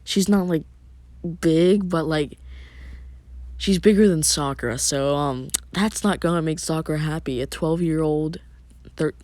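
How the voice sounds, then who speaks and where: A man's voice: a little high, a little slow, darkish tone, no room sound. A young man casually reading out a fan-fiction story, loose and offhand with asides.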